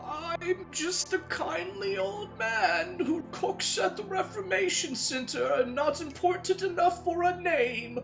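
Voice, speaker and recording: Un homme qui joue un vieux cuisinier frêle et craintif. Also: male voice, very high voice, slow, creaky, few pauses, over music, voice pushed up, exaggerated voice. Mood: frightened, pleading. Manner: trembling and pleading. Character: frail, timid old male cook.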